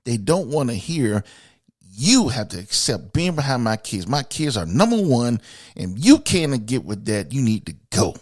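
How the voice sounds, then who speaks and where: Blunt, profane man ranting with lively pitch. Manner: blunt, profane and emphatic, addressing women directly; voice swings from loud outbursts to low asides. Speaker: podcast host. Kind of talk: opinionated monologue.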